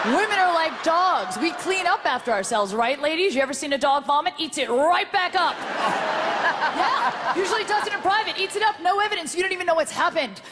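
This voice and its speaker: A woman performing a brash, rapid-fire stand-up routine, talking straight to the crowd on a theatre stage. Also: very high-pitched, animated. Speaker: stand-up comedian. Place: theatre stage before a live audience. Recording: live show with loud crowd and noise.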